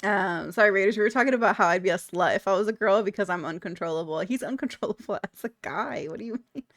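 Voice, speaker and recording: A woman's voice: medium pitch, fast, a bit bright, no echo, studio quality. A young adult woman streamer chatting casually with viewers, giggly and playful, swearing freely. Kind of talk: casual chat reading out viewer messages.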